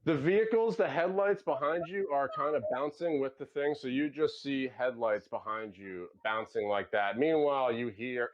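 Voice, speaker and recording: A man narrating a tabletop game as game master, in a loose, halting way with many fillers. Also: mid-range voice. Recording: dull lo-fi sound.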